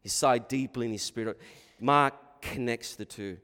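A man's voice: medium pitch, unhurried, fairly bright tone, in a large hall. A male pastor preaching a sermon in an emphatic way, asking rhetorical questions and repeating his words for stress.

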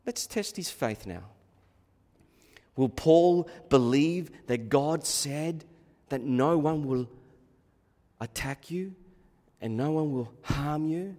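Male preacher, unhurried delivery, quiet reflection rising to loud urging, long hall reverb. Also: medium pitch. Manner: swings from quiet musing to loud fervent exhortation. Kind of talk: expository sermon.

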